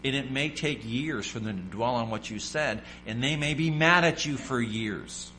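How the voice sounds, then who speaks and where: Bright-voiced male preacher. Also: mid-range voice, normal speed, slight background noise, poor audio. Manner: preaching, acting out quoted voices, asking the congregation questions. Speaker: pastor. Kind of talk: sermon.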